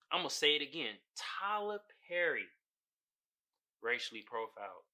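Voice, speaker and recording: A man hosting a podcast, giving casual solo commentary in an animated, profane way, often laughing and putting on voices. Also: a little high. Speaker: podcast host.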